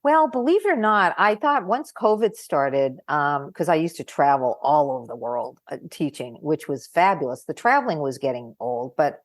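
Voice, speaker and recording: An older woman psychologist chatting over a video call, telling animated stories, acting out quoted voices and laughing often. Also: deep voice, moderate pace, few pauses, no echo, clean studio sound. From California. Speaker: guest psychologist. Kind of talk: casual conversation.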